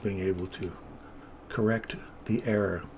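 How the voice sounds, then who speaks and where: A man's voice: on the low side, steady tone, unhurried, darkish tone, slight background noise. A man giving casual live commentary on his market trades, chatting with viewers as he works through the charts. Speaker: trading streamer.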